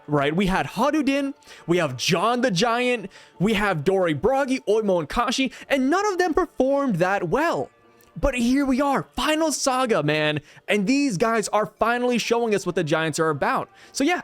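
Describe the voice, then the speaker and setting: A young man hosting a casual video review, chatty and excitable, often stumbling over restarts as he talks. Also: high-pitched. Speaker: YouTube host reviewing a manga chapter.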